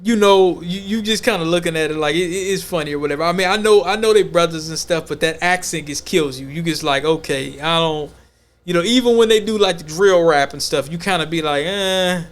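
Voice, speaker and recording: A man hosting a podcast, talking in a loose, slangy, animated way in casual chat. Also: a little high, brisk. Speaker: podcast host.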